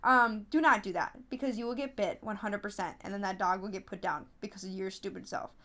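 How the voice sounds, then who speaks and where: A woman telling stories in a casual podcast interview, chatty and animated, with frequent fillers and restarts. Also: a little fast. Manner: animated storytelling, acts out others in high voices. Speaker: podcast host, app founder being interviewed.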